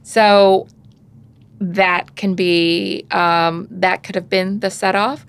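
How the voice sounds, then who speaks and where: A woman's voice: mid-range voice, steady tone, slow pace, vocal fry, clear, resonant tone. A middle-aged woman giving casual parenting advice in conversation, sometimes acting out parent and child voices. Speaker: parenting podcast guest expert.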